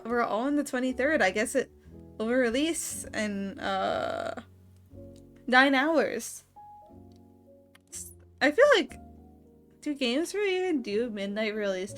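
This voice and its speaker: A woman's voice: on the high side, fairly bright tone. A woman streamer in a casual late-night chat, rambling and giggling often.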